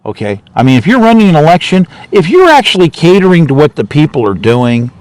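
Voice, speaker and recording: A man's voice: a little high, very animated, a little fast, few pauses, darkish tone, rough recording. A man speaking as a political candidate in a rambling, off-the-cuff monologue, repeating himself and growing indignant.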